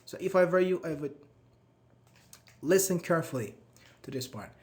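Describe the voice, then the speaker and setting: A male English teacher with a fairly high, animated voice runs a live online class at a normal pace. He's chatty and encouraging, praising students by name and putting questions to them.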